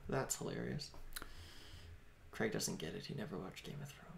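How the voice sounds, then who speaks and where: A man co-hosting a live fight watch-along, commenting in a quick, joking, offhand way. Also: mid-range voice, sing-song, creaky, a little mellow. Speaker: co-host.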